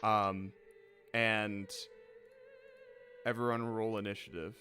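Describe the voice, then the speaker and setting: A man running a tabletop game as game master, narrating in an unhurried way with many filler pauses. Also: lowish voice, level tone, over loud music.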